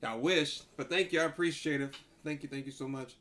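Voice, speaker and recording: A man's voice: a little high, a little fast. A man hosting a livestream, reacting to a video in a casual, exasperated way. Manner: animated, exasperated, says bruh a lot.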